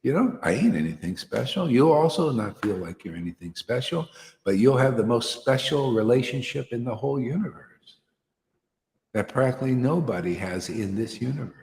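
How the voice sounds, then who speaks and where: A man's voice: mid-range voice, animated, normal speed, creaky, a little mellow. A man giving an informal devotional talk to a small group, earnest and slangy, peppering his words with "you know" and "man". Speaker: spiritual teacher. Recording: roomy hall echo.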